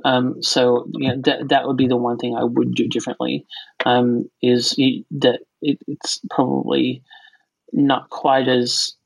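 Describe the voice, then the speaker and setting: A casual podcaster in their forties, from the United States, with an accent blended from American and Australian speech. The voice is gravelly and a little husky, and it rambles, jokes and fills gaps with ums. The sound is dry and close. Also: mid-range voice, level tone, a little slow, dry recording, rough recording. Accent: mixed American and Australian. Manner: rambling, joking, lots of fillers. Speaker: podcast co-host.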